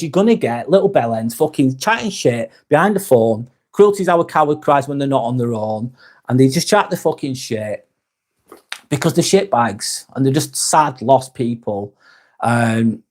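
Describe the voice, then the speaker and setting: A man's voice: on the high side, a little mellow. A man chats to his live-stream audience in a slightly raised voice. He reads out viewers' comments, curses freely and apologizes often. His talk is loose and unscripted. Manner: swearing, angry rant then apologetic. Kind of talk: casual live-stream chat reading comments.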